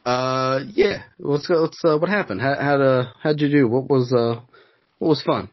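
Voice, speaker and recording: A man's voice: medium pitch, moderate pace, dull audio. A man co-hosting a podcast, laid-back and asking questions to keep the chat going. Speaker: podcast co-host. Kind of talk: casual chat.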